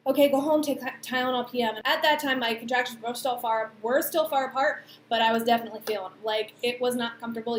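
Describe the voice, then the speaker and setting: Young woman chatting to camera, lively and rambling, fairly high voice, roomy echo. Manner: chatty, animated, lots of fillers and acted-out quotes. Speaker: vlogger. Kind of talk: casual storytelling to camera. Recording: echoey room, faint background noise.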